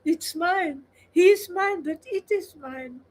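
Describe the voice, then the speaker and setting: A woman speaking earnestly and slowly about her inner spiritual feelings in a played clip. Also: very high voice. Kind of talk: spiritual testimony.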